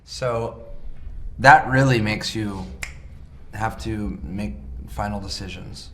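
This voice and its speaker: Calm male interviewee, fairly low voice, plain explanations. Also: slow, slight background noise. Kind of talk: casual interview talk.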